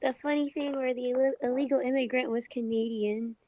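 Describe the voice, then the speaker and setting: A woman with a high, childlike voice chatting haltingly on a stream, trailing off mid-sentence. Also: steady tone, a loud crowd. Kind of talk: casual group chat on a stream.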